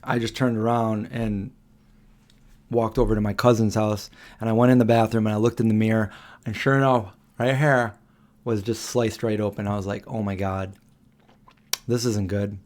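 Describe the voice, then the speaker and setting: A man's voice: lowish voice, flat delivery, normal speed, a little mellow. A man in his forties hosting a live Q&A stream, telling a story in a rambling way with many fillers and restarts. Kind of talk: casual storytelling.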